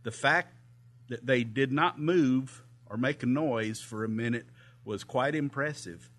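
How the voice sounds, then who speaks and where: A man's voice: mid-range voice, unhurried, fairly bright tone. A man preaching to a congregation, retelling a camp story in a sermon with frequent hesitations and chuckles. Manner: hesitant, many uh fillers, chuckles. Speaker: pastor reading a volunteer's story.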